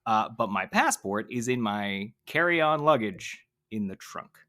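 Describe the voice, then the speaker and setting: A man co-hosting a podcast, telling a story in a chatty, animated way, full of "like" and acted-out quotes. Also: lowish voice, measured pace. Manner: animated storyteller, lots of "like", acts out quoted people. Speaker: podcast co-host. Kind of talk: casual anecdote telling.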